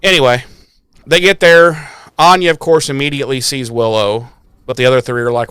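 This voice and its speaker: A man co-hosting a podcast, recapping an episode in a profane, sarcastic, animated way. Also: medium pitch, moderate pace, clean tone, no echo. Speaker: podcast co-host. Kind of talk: casual recap chat.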